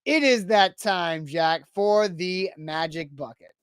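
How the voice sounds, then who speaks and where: A man's voice: high-pitched, slow pace. A man hosting a live sports podcast, chatting casually and reading sponsor spots. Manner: chatty, reads sponsor ads. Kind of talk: casual live-stream chat.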